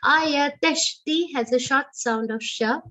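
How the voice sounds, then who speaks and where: A woman with an Indian English accent teaching verse recitation, chanting each line slowly and then explaining the pronunciation quickly in a lower voice. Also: rough recording. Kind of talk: slow chanted recitation with spoken pronunciation notes. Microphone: online class audio.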